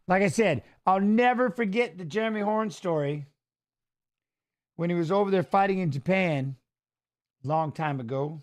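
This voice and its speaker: High-voiced man rambling on a live stream. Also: normal speed, pauses often. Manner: rambling storyteller, excitable, trails off. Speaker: watch-along host, former fighter. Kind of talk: casual live-stream commentary.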